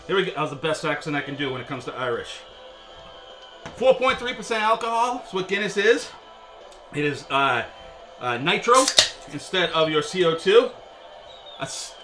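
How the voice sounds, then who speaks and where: A man hosting a casual beer review video, chatty and wry, with a lot of filler words. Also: a little high. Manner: chatty, joking, with frequent filler; wry and sarcastic.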